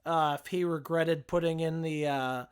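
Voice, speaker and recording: A man's voice: a little high, steady tone, normal speed, smooth. A man co-hosting a podcast, chatting casually about horror films with frequent restarts and fillers. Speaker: podcast co-host. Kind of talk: casual film discussion.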